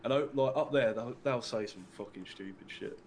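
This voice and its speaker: A man's voice: fairly low pitch, moderate pace, vocal fry, darkish tone, a little hiss or hum. Young Englishman rambling in casual chat. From England. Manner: rambling, says "like" a lot, swears casually.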